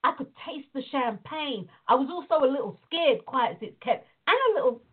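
A woman telling a story and teaching in casual talk on a call, animated, acting out the voices in her stories. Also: sits high, a little fast. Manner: animated storytelling, acts out quoted dialogue. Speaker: prayer and visualization teacher. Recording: tinny phone-like line.

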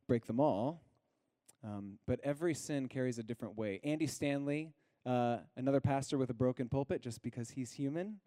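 A man preaching a sermon as pastor. He talks earnestly, pauses on single words and drops to a hush on key lines. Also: medium pitch, no echo, clean studio sound.

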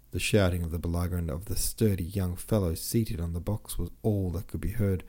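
Reading a classic novel for his podcast audience, the narrator speaks low and mellow. His delivery is steady and measured, unhurried and even throughout.

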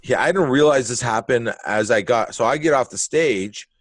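A man's voice: medium pitch, moderate pace, no echo. A male comedian telling a wild story in casual, blunt talk, swearing freely and acting out the moments. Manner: animated, blunt, profane storytelling with acted-out moments. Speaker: comedian guest.

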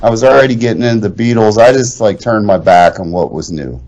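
A man's voice: fairly low pitch, quick pace, darkish tone, muffled recording. A middle-aged man co-hosting a podcast, telling a story in casual chat, profane and acting out the voices he quotes. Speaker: podcast co-host.

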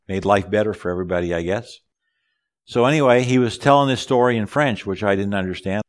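An older man preaching a sermon, telling folksy stories and reading scripture aloud with rising emphasis. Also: on the low side. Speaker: pastor.

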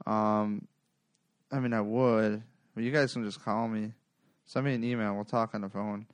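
A man hosting a sports podcast, talking in a rambling, profane, animated way. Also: on the low side, moderate pace, no room sound. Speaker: podcast host. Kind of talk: casual sports podcast chat.

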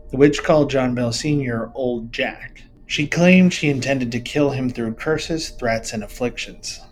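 A man with a mid-pitched voice reads story notes aloud in a relaxed podcast conversation. He keeps a steady reading pace and adds short asides. Soft music plays faintly behind him. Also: a little slow, rough recording. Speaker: podcast co-host.

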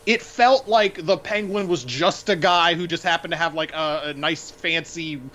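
This film podcast co-host has a fairly high, pushed and bright voice at a normal speed. Casually giving his views, he rambles, thinks out loud and leans on filler words.

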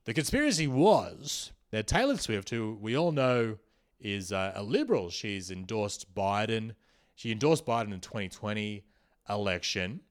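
A man's voice: fairly low pitch, sing-song, unhurried. Man, young adult, comedy podcast host, satirical rant, rambling and punchy. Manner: rambling, riffing, with bursts of loud emphasis.

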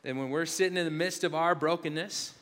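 A man's voice: on the high side, steady tone, brisk, fairly bright tone. A male pastor preaching a sermon in an earnest, confessional way, often restarting and repeating his words. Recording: hall reverb.

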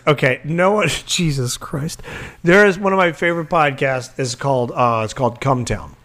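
This podcast co-host swaps crude stories full of swearing and laughter in casual chat. His voice is a little high, his pace moderate, his tone fairly bright.

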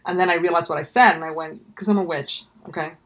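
A woman's voice: fairly low pitch, fairly even intonation, quick pace. A woman telling a story in casual conversation, wry and trailing off, acting out the lines of others. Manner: wry, trails off, acts out quoted dialogue.

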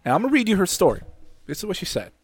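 A man co-hosting a casual podcast, reading a story aloud in a steady, unhurried way. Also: sits high, slightly rough, faint music behind. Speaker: podcast co-host.

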